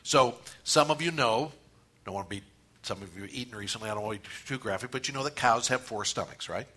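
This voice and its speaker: Husky bright-voiced male preacher. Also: mid-range voice. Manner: animated preaching with repeated phrases and pauses. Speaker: pastor. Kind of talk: sermon.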